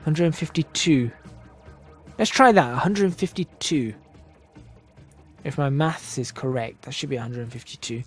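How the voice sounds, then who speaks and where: A man's voice: mid-range voice, moderate pace, pauses often, husky, soft background music. A man casually commentating on a strategy game, thinking aloud and correcting himself as he goes, his voice drifting in and out from the microphone. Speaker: gaming channel host. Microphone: desk microphone, voice drifting in and out.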